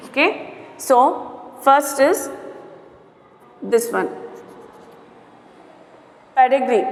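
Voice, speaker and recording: Lady teaching grammar, lots of okays, slow, big roomy echo. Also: sits high. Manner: slow, repetitive, spells out syllables, frequent "okay". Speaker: English teacher. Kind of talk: classroom grammar lesson. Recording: roomy echo with long reverb.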